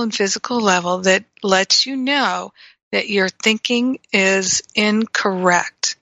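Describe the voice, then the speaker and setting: A woman's voice: mid-range voice, sharp tone, no echo, highs cut off. A woman teaching in a reflective spiritual talk, telling stories and acting out her own reactions. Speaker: spiritual teacher and radio host.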